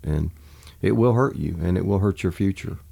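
A pastor in his forties chats about family in a low, gravelly voice. His tone is mellow and unhurried, earnest and reflective, and he laughs easily. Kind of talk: casual conversation.

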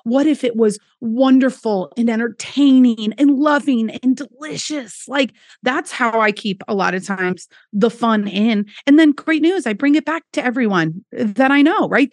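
A woman keynote speaker, a guest on a podcast, telling travel stories in an enthusiastic, animated way and speaking straight to listeners. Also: on the high side, normal speed, no echo. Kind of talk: lively anecdotal storytelling.

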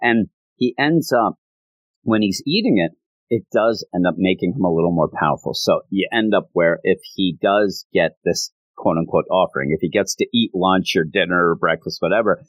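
A man's voice: low voice, no echo, poor audio. A man casually recapping a story in a rambling, amused way with many asides. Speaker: anime reviewer.

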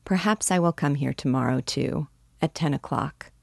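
Woman reader as a guarded young woman; firm, measured, low and close. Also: creaky, no room sound. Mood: frank. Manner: frank, measured, gently firm. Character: frank, cautious young woman, warm but firm. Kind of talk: audiobook dialogue reading.

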